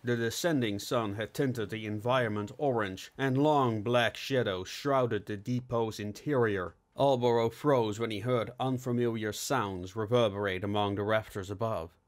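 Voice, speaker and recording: Man narrating a steampunk audiobook. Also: medium pitch. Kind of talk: scripted narration.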